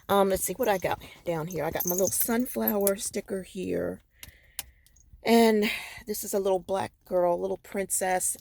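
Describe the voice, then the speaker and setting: A woman's voice: medium pitch, unhurried, vocal fry, a little mellow. A tired woman with a crackly voice chatting casually in a rambling vlog from her parked car. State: tired, ready for bed. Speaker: vlogger.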